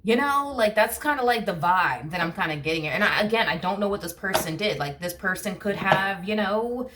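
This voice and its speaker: A woman's voice: medium pitch, lively intonation, brisk, a bit bright, a little hiss or hum. A woman giving a casual tarot reading to camera, rambling and full of fillers like "you know what I mean". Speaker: tarot reader.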